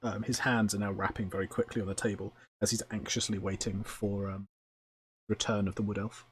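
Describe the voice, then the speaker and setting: A man narrating a tabletop game as game master, descriptive and unhurried, with frequent ums and uhs. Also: fairly low pitch, level tone, a little hiss or hum.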